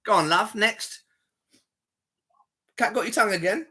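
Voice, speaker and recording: Male streamer, husky voice, needling tone, echoes his caller's words back to mock her. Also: high-pitched, measured pace, pushed and bright. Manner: mocking, taunting, parrots the other's words. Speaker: livestreamer chatting with strangers. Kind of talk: casual live chat.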